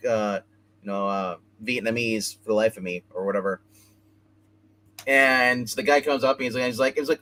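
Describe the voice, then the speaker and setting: A man with a bright, forceful voice reviews comics in a loose, rambling way. He retells the scenes and drops into quick snippets of dialogue as he goes. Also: medium pitch, low-quality recording. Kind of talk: casual comic book review.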